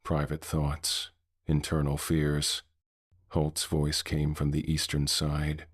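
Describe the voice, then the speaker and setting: Very deep, slow male horror narrator. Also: monotone, fairly bright tone, husky, dry recording, studio quality. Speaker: horror storyteller.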